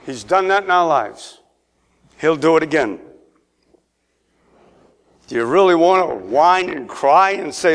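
High-voiced man preaching a sermon. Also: big pitch swings, slow pace, long pauses, a bit bright. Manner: preaching, calls for amens, rises to emphatic peaks. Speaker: pastor. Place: church sanctuary.

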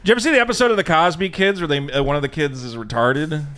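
A man's voice: a little high, racing, fairly bright tone. A man co-hosting a comedic talk show, joking goofily and laughing often. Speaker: podcast co-host. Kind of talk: comedic banter on a live show. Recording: live audience audible.

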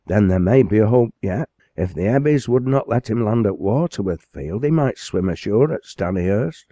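A man's voice: fairly low pitch, animated, moderate pace, dark tone, no room sound, pitched above the performer's own voice. A man voicing an earnest male schoolmaster and librarian in a storybook reading, speaking urgently.

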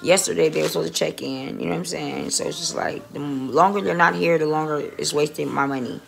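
Woman vlogger, low gravelly voice, rambling, foul-mouthed, phone mic, faint music. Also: expressive, brisk, a little hiss or hum. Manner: chatty and rambling, swears often. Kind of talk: casual phone vlog. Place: dentist office. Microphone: phone held close.

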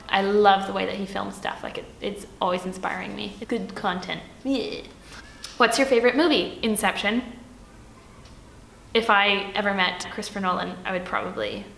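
Young woman, playful chatty vlogger, mid pitch, lots of filler words, echoey room, faint hiss. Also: creaky, a bit bright. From Switzerland. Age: young adult. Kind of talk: casual Q&A tag video.

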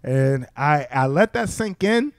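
A comedian tells stories, his voice sitting a little high for a man as he acts out the people he quotes. The sound is close and dry, with no room echo. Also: expressive, slow, vocal fry. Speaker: stand-up comedian guest. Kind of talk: casual storytelling chat. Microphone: studio mic.

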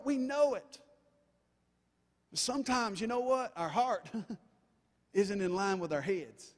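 High-voiced preacher in a reverberant church. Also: male voice, takes it slowly, pauses often. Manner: emphatic, folksy asides to the congregation. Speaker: pastor. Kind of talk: sermon. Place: church sanctuary. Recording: long reverb of a church hall.

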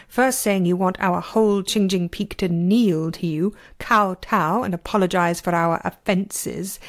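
A delicate young girl disciple gives crisp, cutting retorts, as a woman reads her. The delivery stays cool and measured. It is an amateur storybook reading. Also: mid-range voice, natural voice. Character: sweet young female disciple turned sharp-tongued.

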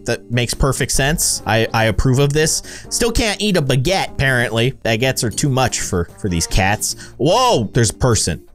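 Excitable man doing game commentary. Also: moderate pace, hardly any pauses, soft background music. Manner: excitable, jokey, with lively swings in pitch. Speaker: gaming YouTuber. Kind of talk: playful let's-play commentary.

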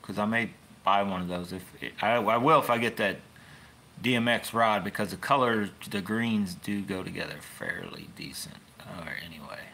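A man's voice: fairly low pitch, normal speed, vocal fry, bright, forceful tone, slight background noise. A man hosting a fishing channel, chatting casually into his phone in a rambling, folksy way with wry asides. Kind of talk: casual rambling livestream chat.

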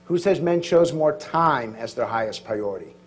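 A middle-aged man giving a lively speech to a live audience in a large hall, quizzing and joking with the crowd. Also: medium pitch. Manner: quick-witted, teasing the crowd with jokes and questions. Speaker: public speaker.

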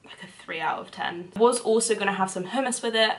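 A young woman with a London accent, chatting casually to camera in a cooking vlog, animated and full of quick asides. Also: mid-range voice. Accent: London English. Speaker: vlogger.

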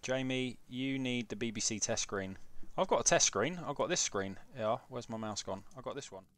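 A man's voice: mid-range voice, normal speed, a bit bright. A young man hosting a live game stream, chatting casually and swearing while fixing his setup and reading chat. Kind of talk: casual live gameplay commentary. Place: home room with PC setup.

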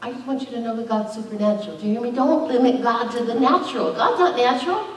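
A woman's voice: fairly high pitch, animated, fast talker, few pauses. A middle-aged woman pastor preaching a conversational sermon with emphatic bursts. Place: church sanctuary. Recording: very echoey, distant church recording.

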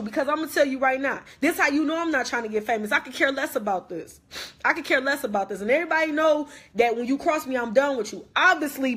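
Young woman, high husky voice, emphatic and repetitive live-stream rant, hurt but defiant. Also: a bit bright. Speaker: livestreamer. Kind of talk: impassioned casual live video rant. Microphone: phone on a live stream.

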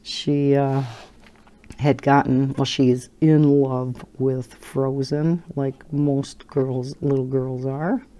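A woman's voice: a bass voice, flat delivery, slow, warm tone. An older woman hosting a coloring channel, rambling through casual chat with frequent laughter while holding a baby. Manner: chatty and rambling, laughs often.

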